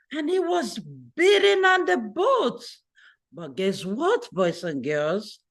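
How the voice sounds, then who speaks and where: A woman with a high voice shares a story for the children at a church service, taking her time. She talks to them directly, full of expression and animation.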